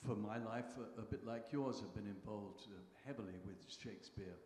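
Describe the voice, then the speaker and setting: A man in the audience speaks up to pay tribute, halting and restarting as he searches for words. His voice sits at a low-middle pitch and sounds roomy and echoey, with a faint murmur of the hall behind him. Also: a little mellow, slight background noise. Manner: halting, heartfelt, many restarts. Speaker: audience member giving tribute. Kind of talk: spontaneous tribute speech.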